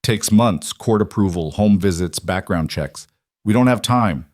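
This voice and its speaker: A man's voice: on the low side, unhurried, no echo, clean studio sound, close to an everyday voice. A man playing a defeated rancher. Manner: flat, defeated. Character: struggling rancher, defeated and raw.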